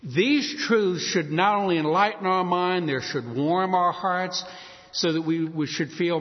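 A man preaching a sermon, telling a story with animated delivery and acting out the voices of the people in it. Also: sits high, measured pace. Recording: dull sound in a hall with long reverb.

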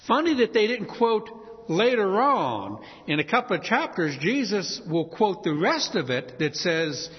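A man from New Orleans with a New Orleans accent preaching a sermon as pastor, telling stories in a lively way and acting out shouted quotes. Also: on the high side. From New Orleans, USA. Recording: muffled sound with long hall reverb.

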